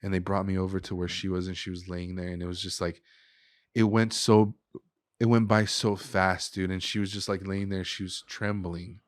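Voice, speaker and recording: A man's voice: low voice, little pitch movement, normal speed, no room sound, clean studio sound. A young man, a chef and restaurant guest, telling an emotional personal story in a casual way, full of "dude" and "like". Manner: casual, says "dude" and "like" often.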